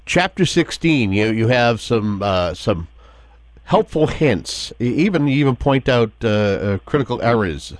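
A male interview host who halts often between words as he introduces each topic. His pitch moves about in a lively way. The recording is dry and close, with no room sound. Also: no echo. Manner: halting, with many "uh"s and repeated words. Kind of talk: interviewing an author.

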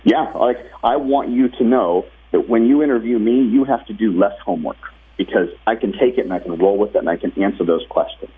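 Husky-voiced man on a phone line. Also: lowish voice, a little fast. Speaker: guest, professional speaker and author. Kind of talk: interview over the phone.

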